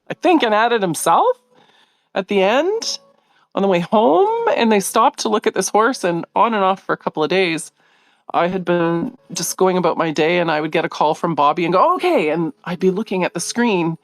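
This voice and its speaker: A middle-aged woman hosting a live video, telling a story in a casual, animated way, laughing often and acting out what others said. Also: on the low side, moderate pace, no echo. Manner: animated, laughing, acts out quoted voices.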